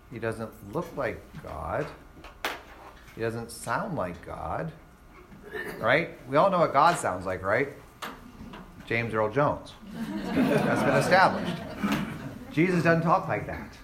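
A man's voice: medium pitch, big pitch swings, slow, long pauses, background noise. A man teaching a Bible class, quizzing his students with rhetorical questions and acting out quoted exchanges. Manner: acts out voices in quoted exchanges.

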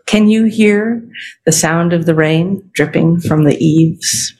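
A Zen teacher delivers a meditative dharma talk at an extremely unhurried pace. The voice sits at a middle pitch and stays calm and contemplative, leaving long silences between phrases. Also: slight background noise.

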